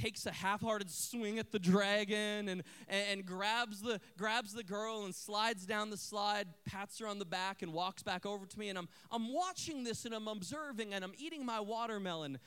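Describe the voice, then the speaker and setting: High-voiced man preaching a lively sermon. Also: clear, resonant tone. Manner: dramatic storytelling, swings from hushed to loud. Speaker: pastor.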